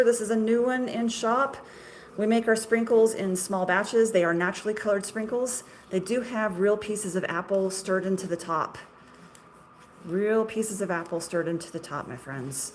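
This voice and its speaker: A woman's voice: mid-range voice, slight background noise. Chatty woman hosting a livestream. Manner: chatty, self-deprecating, laughs often. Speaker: shop owner selling marshmallows on a livestream. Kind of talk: casual livestream chat.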